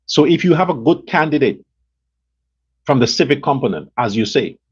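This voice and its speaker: A man's voice: mid-range voice, expressive, normal speed, slightly rough. Blunt, profane Guyanese man ranting. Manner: blunt, profane and heated, repeats his points. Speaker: political commentary host. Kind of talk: ranting political commentary. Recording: dull lo-fi sound.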